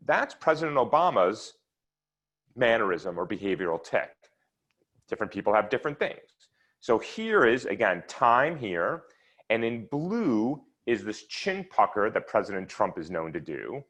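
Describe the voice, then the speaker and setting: A man's voice: fairly low pitch, a bit bright. A man presenting his research at an online seminar, explaining slides and charts step by step. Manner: explanatory, walks listeners through charts step by step. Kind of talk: lecture with slides.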